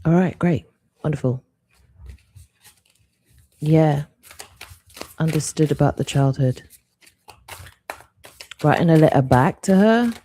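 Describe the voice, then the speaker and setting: Deep-voiced woman giving a soft card reading. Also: slight background noise. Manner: soft, reflective, unhurried talk. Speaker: card reader hosting a live stream. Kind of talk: live-stream intuitive reading.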